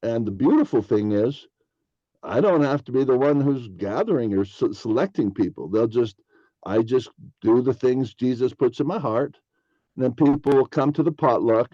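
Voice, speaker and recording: A man's voice: mid-range voice, normal speed, mellow, no echo, lo-fi sound. A man hosting a podcast, rambling through a casual spiritual monologue and acting out imagined dialogues in a raised voice. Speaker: podcast host.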